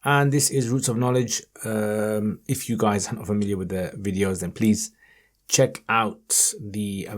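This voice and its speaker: A man in a mid-range voice leads a Quran reading lesson, addressing the viewers directly and cheering them on. When he recites, he stretches the sounds slowly and with care. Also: medium pitch, a little mellow. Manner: slow, stretched chanting in recited passages.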